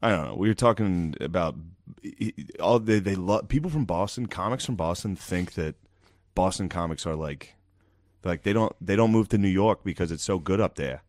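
A man bantering casually with a co-host, teasing him in a deadpan way. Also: deep voice, moderate pace, no echo, clean studio sound.

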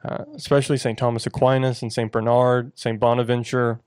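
An earnest man chatting about his faith on a talk show. His voice sits at an ordinary pitch, and he often stops and restarts mid-sentence. The sound is dry and close, with no room around it. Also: flat delivery, a little mellow, clean tone, no room sound. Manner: earnest, halting with many restarts. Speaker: podcast co-host. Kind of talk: casual faith discussion.

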